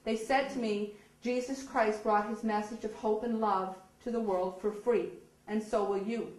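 A woman telling her personal story to an audience, animated and acting out the dialogue with laughs. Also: mid-range voice, unhurried, a little hiss or hum. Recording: echoey hall.

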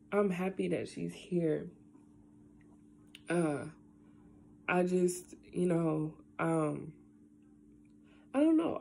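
A young woman talking casually into her camera at home, rambling and tearful, with lots of halting fillers. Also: low voice, vocal fry, dark tone, slight background noise. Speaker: vlogger. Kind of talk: casual vlog, emotional talk then unboxing.

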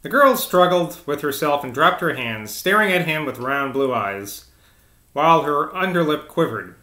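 A man's voice: a little high, lively intonation, moderate pace, bright, forceful tone, reverberant. A man reading a novel aloud, informal and chatty, breaking off with casual asides. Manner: informal, chatty, self-interrupting. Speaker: audiobook reader.

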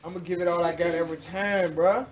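A man's voice: sits high, fairly even intonation, fast, distant mic. A man teaching the Bible to a live group in a fervent sermon, repeating lines and drawing the listeners into call-and-response.

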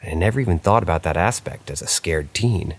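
A man narrating true paranormal stories aloud, reading in a plain, unhurried way with small slips. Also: deep voice, animated, slightly rough. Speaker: story narrator.

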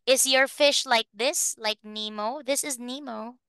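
Woman English teacher for a small child, patient and cheery; slow, bright and crisp, dry sound. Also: fairly high pitch, no echo. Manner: patient, encouraging, spells letters slowly, laughs often. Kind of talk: phonics lesson with a young child.

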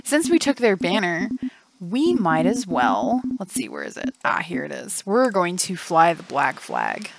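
A woman's voice: on the low side, wildly swooping pitch, measured pace, vocal fry. A woman hosting a casual let's play, chatty, laughing often and thinking aloud. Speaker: gaming channel host. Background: game music.

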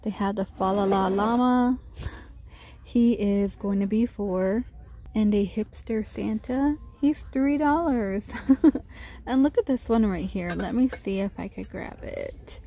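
A woman's voice: medium pitch, slow pace, warm tone. Chatty woman narrating a store walkthrough. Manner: chatty, pointing out items with light laughs. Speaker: vlogger. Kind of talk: casual shop-with-me narration.

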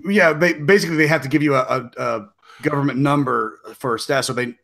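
A man in casual chat, telling a story with many restarts and pauses. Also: fairly high pitch, vocal fry, fairly bright tone. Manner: rambling with many restarts and fillers. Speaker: podcast co-host.

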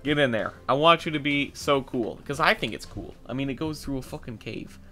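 A young man giving casual gameplay commentary, thinking aloud, getting excitable and swearing as he works. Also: mid-range voice, a little fast, faint music behind. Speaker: gameplay video host.

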